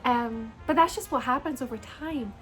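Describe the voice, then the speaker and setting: High-voiced, bubbly Scottish woman. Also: moderate pace, a bit bright, faint music behind. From Scotland. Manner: bubbly and earnest, addresses viewers as "you guys". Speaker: beauty vlogger. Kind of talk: casual personal vlog to camera.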